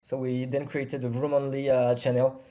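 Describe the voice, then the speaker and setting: Halting, mellow-voiced man. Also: mid-range voice, level tone. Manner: halting, many fillers and self-corrections. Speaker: project founder guest. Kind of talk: casual chat.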